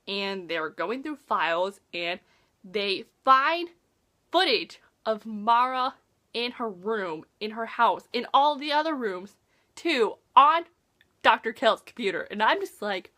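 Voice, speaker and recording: A woman hosting a casual book review vlog, retelling a plot in an animated, exasperated way. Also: fairly high pitch, measured pace.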